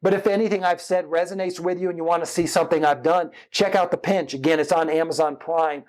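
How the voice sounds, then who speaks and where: A man's voice: a little high, fairly even intonation, fast, a little mellow. A middle-aged man, a filmmaker guest, chatting and giving advice in a rambling, casual interview.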